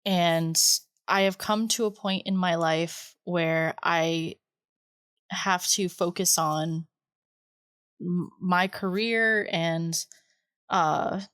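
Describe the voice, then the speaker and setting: A woman hosting a podcast, talking casually with many fillers and pauses, sounding emotional and close to tears. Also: lowish voice, a bit bright, clear, resonant tone, dry recording. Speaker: podcast host.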